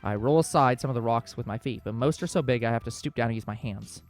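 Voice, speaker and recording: A man's voice: medium pitch, soft background music. A man hosting a let's play, reading a visual novel's narration aloud with small slips. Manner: quick, steady storybook reading with small slips.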